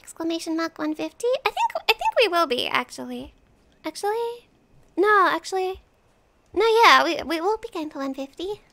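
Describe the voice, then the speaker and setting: Woman game streamer, high gravelly voice, chatty and foul-mouthed with chat. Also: sing-song, fairly quick, sharp tone. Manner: chatty, swears casually, talks to chat. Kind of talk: live gameplay commentary.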